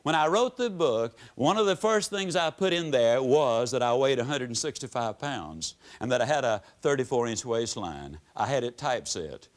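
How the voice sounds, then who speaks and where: Folksy stories carry this motivational speaker's talk to a live audience on stage, his voice rising and dropping broadly. He's medium-pitched and expressive, talking at normal speed with hardly any pauses.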